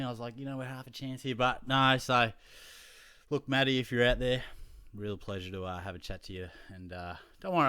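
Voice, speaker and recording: A man's voice: mid-range voice, fairly bright tone, no echo, clean studio sound. A young Australian man from Geelong hosting his fantasy football show, rambling casually to viewers with lots of fillers.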